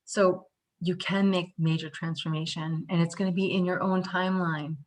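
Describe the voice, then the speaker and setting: A woman from the Northeastern US teaching a live online tapping workshop, chatty and animated, acting out little scenes as she explains. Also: on the low side, moderate pace.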